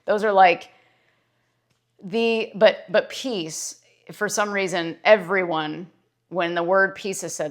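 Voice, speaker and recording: A woman's voice: fairly low pitch, steady tone, takes it slowly. Earnest woman giving a pep talk. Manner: earnest and emphatic, repeating phrases for stress. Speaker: licensed clinical social worker and mindset vlogger. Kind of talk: motivational talk to camera.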